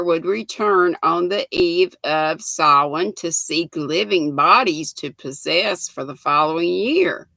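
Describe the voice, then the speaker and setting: A woman's voice: fairly low pitch, slow pace, creaky, hardly any pauses, bright, forceful tone, no room sound. An older woman hosting a casual livestream, chatting with viewers by name and reading trivia aloud. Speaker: livestream host.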